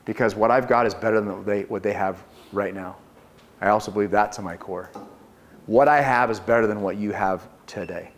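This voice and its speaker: A man coaching a group on door-to-door solar sales, talking with energy and confidence and acting out his pitches. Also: fairly quick. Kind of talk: sales training talk to a group.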